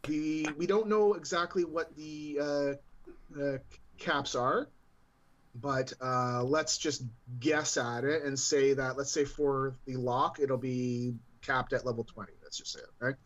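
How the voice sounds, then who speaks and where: A man co-hosting a podcast remotely, talking in a rambling, relaxed way with many fillers while he explains. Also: medium pitch, slow, lo-fi sound. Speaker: podcast co-host. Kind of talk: casual podcast chat. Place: remote, at a gaming convention.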